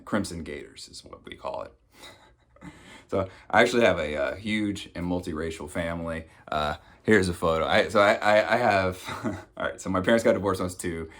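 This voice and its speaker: A man's voice: deep voice, brisk, a bit bright. A man in his thirties from the United States doing a stand-up comedy set, telling conversational stories and acting out the people in them. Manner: conversational storytelling, acts out quoted people. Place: home, recorded for a virtual show.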